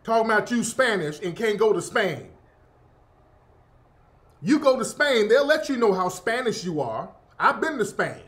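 A man's voice: high-pitched, very animated, moderate pace, a bit bright. A man hosting a radio show, mocking and ranting sarcastically, profane and cutting. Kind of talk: commentary on a played clip.

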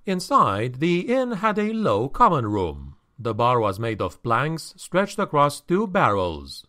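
Guy narrating a fantasy audiobook, slow and measured, lots of pitch movement. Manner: measured, expressive storytelling.

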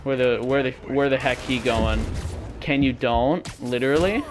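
A young man rambles casually through a let's-play of his own gameplay, mocking himself and letting out sudden goofy yelps. His mid-range voice moves at a normal speed, with faint music in the background.

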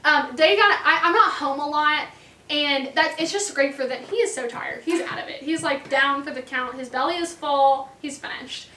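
A woman's voice: high-pitched, moderate pace, bright, forceful tone, roomy sound, distant mic. A woman showing off her dog's tricks in a chatty, casual talk, laughing often. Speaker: dog owner showing tricks. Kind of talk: casual chat.

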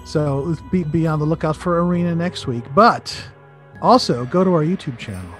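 A man's voice: a little high, lively intonation, moderate pace, fairly bright tone. A man with a slightly raised voice co-hosting a podcast in an upbeat, joking manner. He wraps up the episode with thanks, and faint music sits behind him. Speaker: podcast co-host. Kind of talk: casual review chat.

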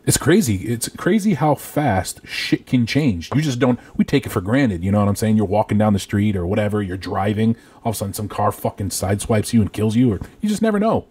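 A man in his thirties from Rhode Island, co-hosting a podcast and telling a profane, animated story in casual chat. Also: lowish voice, a little fast, hardly any pauses, breathy edge. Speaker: podcast co-host.

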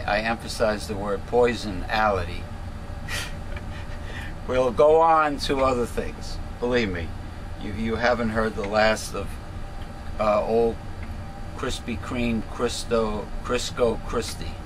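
A man's voice: fairly low pitch, slow pace, pauses often, background noise. A man co-hosting a casual political chat, cracking puns and making emphatic points. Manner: wisecracking, punning, emphatic. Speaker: co-host.

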